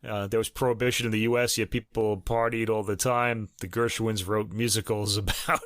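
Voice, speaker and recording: Chatty podcast host, thinking aloud. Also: male voice, fairly low pitch, flat delivery, brisk, a bit bright, no room sound, clean studio sound. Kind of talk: casual chat about recordings.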